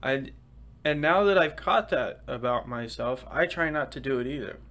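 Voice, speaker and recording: A young man hosting a casual solo podcast, talking fast and swearing casually as he chats. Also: mid-range voice, lively intonation, fairly bright tone. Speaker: podcast host.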